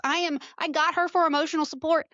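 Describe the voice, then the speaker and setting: A middle-aged woman hosts the chat, spinning her stories with animated quoted asides. Her voice sits fairly high and sounds close and dry. The recording is a little dull and lo-fi. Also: fast talker, no room sound. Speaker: podcast host. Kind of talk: casual chat.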